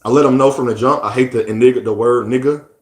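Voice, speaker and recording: A man's voice: mid-range voice, fairly even intonation, quick pace, echoey room. A man talking casually in a rambling, repetitive way, often restarting his sentences. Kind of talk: casual monologue.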